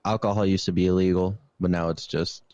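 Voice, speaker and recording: Deep mellow young man, laid-back. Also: steady tone, brisk, no room sound, dull audio. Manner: laid-back, rambling with fillers. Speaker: podcast host. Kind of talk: casual chat.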